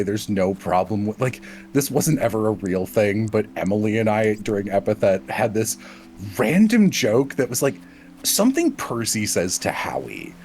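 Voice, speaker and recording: There's a little hiss or hum behind this fairly low-pitched man. He co-hosts a stream, trading lively stories in relaxed conversation and laughing frequently, as a streamer and podcast co-host.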